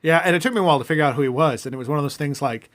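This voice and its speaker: Male podcast co-host, dry and wry, somewhat higher voice, casual banter. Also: very fast. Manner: dry, wry, riffs on lists. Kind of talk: casual chat.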